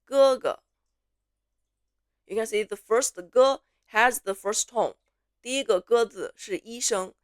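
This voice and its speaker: Woman, teacher, very slow deliberate delivery, careful repetition drills, dry close recording. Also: a little high, no echo. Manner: slow, clear repetition, drawn-out syllables for learners. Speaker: Mandarin teacher. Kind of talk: pronunciation lesson with drills.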